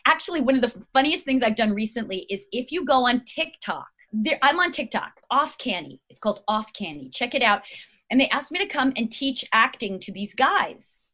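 A woman's voice: fairly high pitch, sing-song, normal speed, bright, forceful tone. A middle-aged American woman, an actress guest, chatting in a rambling, bubbly way and laughing often. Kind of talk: casual interview chat.

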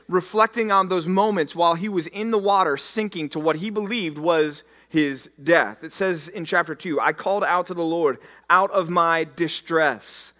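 High-pitched guy preaching, big dramatic swings from loud to hushed, acts out the bible passages. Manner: voices scripture in first person with repetition. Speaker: pastor. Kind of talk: sermon.

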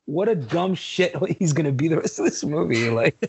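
A man co-hosting a movie podcast in casual chat, profane and animated, acting out quotes from the film. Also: fairly high pitch, normal speed, gravelly, a little hiss or hum. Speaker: podcast co-host.

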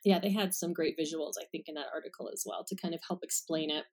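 A woman's voice: low-pitched, fairly even intonation, quick pace, a little mellow. Woman clinician, podcast guest: casual, friendly step-by-step explainer. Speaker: speech-language pathologist guest.

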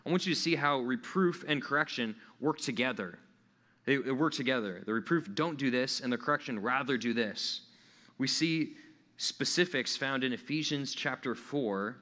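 Male preacher, casual and interactive, bright voice, recorded with hall echo. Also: mid-range voice. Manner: conversational, asks the listeners questions. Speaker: pastor. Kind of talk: sermon.

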